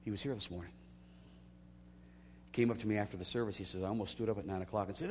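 A man preaching a sermon as pastor, telling a story and acting out the dialogue, swinging from hushed to loud. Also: lowish voice, fairly even intonation, fast talker, long pauses, in a large hall, a little hiss or hum.

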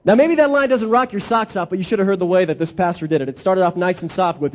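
A man's voice: high-pitched, fast, few pauses. A man preaching a sermon, telling stories with dramatic repetition. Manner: animated storytelling with dramatic repetition. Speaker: pastor. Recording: dull lo-fi recording.

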